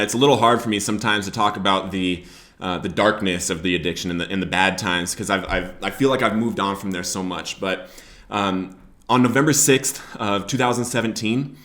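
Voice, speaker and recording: A young man from the Billings, Montana area hosts his own show, telling the camera his personal story of addiction and recovery with strong emotion that rises to loud shouting in places. His voice is on the low side and a little fast, with roomy sound.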